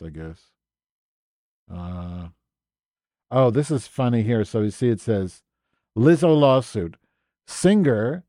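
A man's voice: mid-range voice, mellow, dry recording, studio quality. A man hosting a live stream, ranting with exasperated, profane sarcasm as he comments on his screen. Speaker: podcast host.

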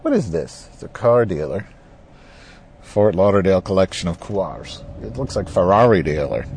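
A man's voice: low voice, sing-song, moderate pace, vocal fry, a little mellow. A man talking to his recorder while he drives, rambling and ranting with lots of swearing. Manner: profane, rambling, heated political ranting. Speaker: vlogger. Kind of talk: driving vlog rant. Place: inside a moving car. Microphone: recording device in the car. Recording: car noise in the background.

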